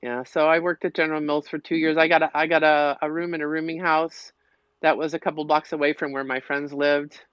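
A woman's voice: deep voice, little pitch movement, a little fast, no echo. A middle-aged woman with a Minnesota accent, chatting as a podcast guest in a rambling, storytelling way. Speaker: podcast guest, local piper. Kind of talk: casual interview chat. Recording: slightly muffled, dull audio.

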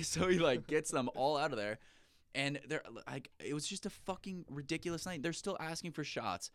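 A young man co-hosting a podcast, telling an animated story full of swearing. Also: on the high side, brisk, no room sound. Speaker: podcast co-host. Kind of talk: casual chat.

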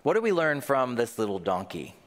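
A man's voice: medium pitch, very animated, fairly quick, in a large hall. A man preaching a sermon, asking rhetorical questions and joking with his congregation. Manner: jokes with the congregation. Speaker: pastor.

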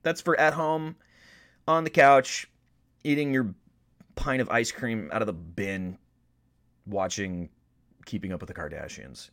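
A young American man with a low-pitched voice riffs through a casual comedic podcast monologue. He swings from loud, excited outbursts to mumbled, muttered asides, cursing freely as he goes. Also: measured pace, long pauses. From United States. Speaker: podcast host.

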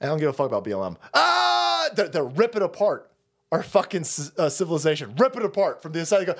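A man's voice: on the high side, wildly swooping pitch, quick pace, creaky, fairly bright tone. A man ranting on a livestream, sarcastic and mocking, swearing constantly. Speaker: streamer. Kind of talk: livestream rant.

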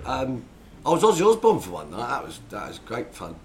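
A man's voice: medium pitch, huge pitch swings, a little fast, darkish tone, slight background noise. Rambling man telling chaotic stories. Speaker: podcast co-host. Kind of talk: casual chat.

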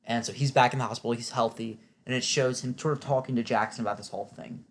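A man's voice: mid-range voice, fairly even intonation, quick pace, slight background noise. Chatty opinionated man recapping a show. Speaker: TV recap vlogger. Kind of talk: casual spoken recap.

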